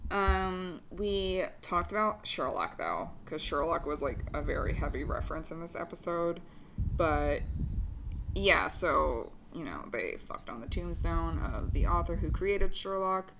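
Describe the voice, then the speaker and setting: A woman's voice: on the low side, expressive, a little slow, background noise. A woman co-hosting a podcast in casual chat, with blunt, sarcastic asides. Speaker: podcast co-host.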